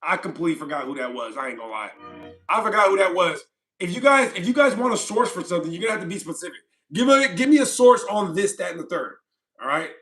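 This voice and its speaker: Man, streamer reading chat, high voice, mocking, combative, faint music behind. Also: expressive, fast. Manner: combative, mocking, loud outbursts.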